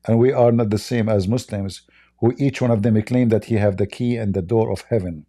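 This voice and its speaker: Brief: man, livestream debate host, mellow dark tone, blunt and scoffing. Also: fairly even intonation, brisk. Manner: laughs often, blunt and mocking, mimics callers in higher voice. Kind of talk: casual livestream debate talk.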